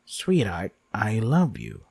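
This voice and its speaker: A man reading the lines of an affectionate young woman in a visual novel, in his own husky voice. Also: lowish voice, wildly swooping pitch, slow pace, a little mellow, full character voice. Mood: tender.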